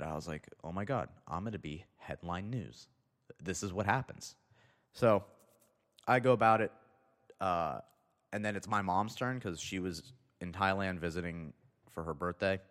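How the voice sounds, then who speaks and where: Low-voiced guy telling a rambling story. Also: fairly bright tone. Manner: rambling, profane, self-interrupting. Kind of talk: casual comedic anecdote. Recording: long reverb.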